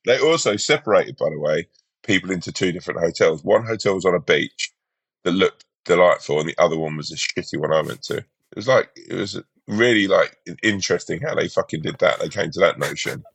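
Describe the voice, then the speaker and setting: A man's voice: sits low, lively intonation, fairly quick, creaky, breathy edge, dry recording. A man chatting casually, rambling through anecdotes with many restarts and acted-out quotes. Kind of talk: casual chat.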